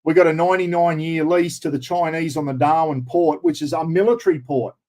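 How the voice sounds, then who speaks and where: A middle-aged Australian man hosts a livestream and rants about politics in a blunt, indignant way, swearing as he goes. His voice sits a little high for a man. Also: fairly even intonation, a little fast, darkish tone. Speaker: livestream host.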